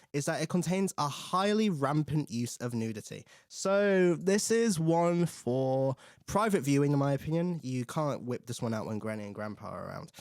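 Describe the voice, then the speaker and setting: A young man hosting a casual film review, chatty and animated, acting out the characters' lines. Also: medium pitch, no echo, studio quality. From England. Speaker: host.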